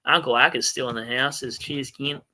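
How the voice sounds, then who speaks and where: An Australian man with a very bright, tense voice, hosting a loose late-night livestream. He reads out viewer comments and rambles cheerfully, quick to laugh at his own slips. His pitch sits in an everyday middle range. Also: fairly even intonation. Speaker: fantasy football stream host.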